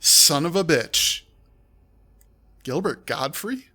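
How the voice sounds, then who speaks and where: A man streams live, reading a text adventure aloud and interrupting it with offhand asides. His voice is a little high, pushed and bright, with lively intonation, and he takes it slowly.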